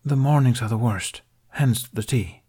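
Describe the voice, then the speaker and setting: A man's voice: mid-range voice, measured pace, dark tone, slightly rough, voice pushed up. A man voicing a young male Jedi apprentice who is earnest, polite and hesitant.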